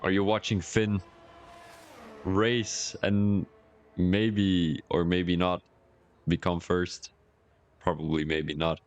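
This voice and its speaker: Deep-voiced man commentating a sim race. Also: little pitch movement, takes it slowly, long pauses. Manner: rambling and chatty, talks to the chat, jokes at himself. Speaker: sim racing league stream commentator. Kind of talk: casual live-stream race commentary.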